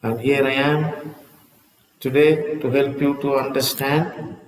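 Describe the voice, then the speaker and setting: Slow-speaking man teaching English, echoey room. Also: medium pitch, steady tone, recorded from a distance. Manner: slow, deliberate, repeats himself. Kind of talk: online lesson.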